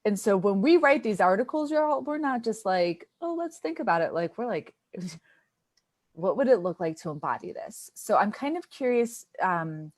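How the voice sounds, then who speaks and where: A woman's voice: medium pitch, expressive, normal speed, no echo, studio quality. A woman host and coach in a casual discussion, enthusiastic and upbeat, putting questions to the group. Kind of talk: casual video-call discussion.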